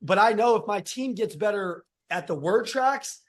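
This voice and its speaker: Guy coaching a sales team, kinda high voice, punchy and repetitive, super fired up. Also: expressive, normal speed. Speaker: sales trainer. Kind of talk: energetic sales coaching talk.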